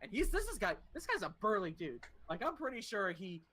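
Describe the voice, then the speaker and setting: A young adult podcast host casually telling a long personal story, animated and swearing freely. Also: medium pitch, fairly quick, a little hiss or hum.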